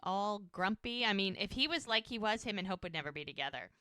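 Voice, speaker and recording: A woman's voice: medium pitch, lively intonation, a little fast, bright, forceful tone, no room sound, clean studio sound. A woman co-hosting a podcast, casually retelling TV scenes and quoting characters' lines. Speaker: podcast co-host. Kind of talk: casual recap chat.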